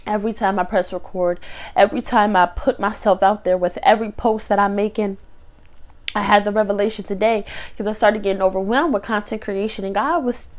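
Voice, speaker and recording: A woman speaking to her phone camera, near tears, giving a heartfelt faith-based motivational talk with repeated preacher-like builds. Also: a little high. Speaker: motivational vlogger.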